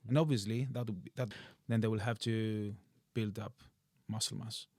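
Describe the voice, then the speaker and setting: A man speaks as a fitness trainer guest on a podcast. His voice sits fairly low and his answers are plain and direct. The recording is dry and close. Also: fairly even intonation, moderate pace, darkish tone, no echo. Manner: plain, direct, slightly non-native phrasing. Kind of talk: casual podcast interview.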